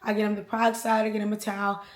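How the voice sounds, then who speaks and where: A young adult woman vlogger telling an animated, slangy storytime with sound effects. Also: medium pitch, rapid-fire. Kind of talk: storytime vlog. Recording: roomy echo.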